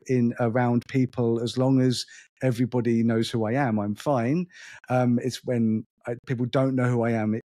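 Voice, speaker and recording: A man's voice: medium pitch, darkish tone, no echo. Eager male host, dry close sound. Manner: eager, stumbling restarts. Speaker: podcast host. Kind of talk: casual interview chat.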